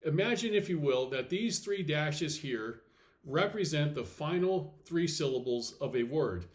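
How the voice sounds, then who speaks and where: A man teaching a recorded slide lesson, explaining step by step, checking in with "okay" and saying example words slowly and deliberately. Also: on the high side, expressive. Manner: clear step-by-step explaining with frequent okays. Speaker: Latin teacher.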